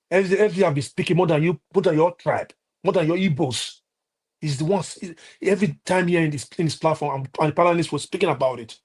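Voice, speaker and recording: Speaking with a Nigerian accent, this man has a fairly high, husky voice with a darkish tone. His live-stream political rant is heated and passionate, full of repetition, fillers and frequent restarts.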